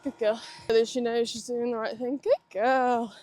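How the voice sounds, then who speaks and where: High-voiced woman chatting on horseback. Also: little pitch movement, moderate pace, darkish tone, slight background noise. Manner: chatty, keeps praising her horse. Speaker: equestrian vlogger. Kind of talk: casual commentary while riding. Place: outdoor riding arena at a stable yard.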